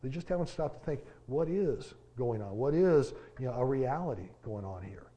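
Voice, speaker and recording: A man preaching a sermon in a casual, halting way, with lots of fillers and the odd folksy joke. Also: medium pitch, expressive, warm tone, lo-fi sound. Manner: conversational, halting, many fillers and restarts; folksy, joking aside.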